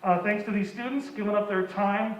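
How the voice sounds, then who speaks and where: A man's voice: high voice, fairly even intonation, fairly quick, a little hiss or hum. Rambling man addressing an audience. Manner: rambling, grateful, many um's. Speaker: drama club director. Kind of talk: casual speech to an audience. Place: school theater. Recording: distant, dull and echoey hall audio.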